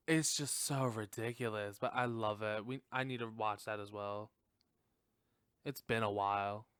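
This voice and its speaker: A man's voice: fairly low pitch, steady tone, fairly bright tone, smooth, no echo, clean studio sound. A young man hosting a podcast, recapping a film in casual chat, laughing often, swearing and acting out the characters' lines. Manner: slow, drawn-out delivery with lots of "like". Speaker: podcast host.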